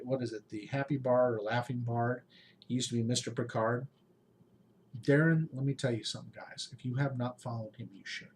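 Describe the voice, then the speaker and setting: Man, late forties, emotional vlog update, heartfelt, pleading, halting, faint background noise. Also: medium pitch, a little mellow. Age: 40s. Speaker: YouTube game master channel host. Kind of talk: emotional personal update to followers.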